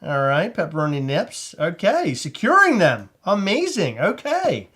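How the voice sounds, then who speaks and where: Excitable high-voiced man with a Maryland accent. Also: unhurried. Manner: excitable, rambling, laughs often. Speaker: host. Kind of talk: casual livestream chat.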